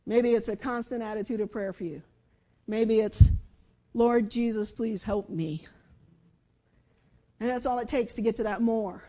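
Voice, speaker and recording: A woman with a high voice delivers a sermon in a conversational, personal way. She moves from emphatic, raised phrases to soft, hushed speech. Her tone stays direct and engaging throughout. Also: steady tone, fairly quick. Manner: conversational, with dramatic shifts between loud and hushed speech. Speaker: speaker giving a devotional message.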